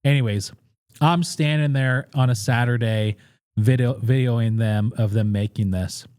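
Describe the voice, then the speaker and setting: A man's voice: medium pitch, a little slow, darkish tone, clear, resonant tone, no echo, studio quality. A man who is a guest on a podcast, bluntly telling food stories in casual, profanity-laced talk. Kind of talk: casual interview storytelling.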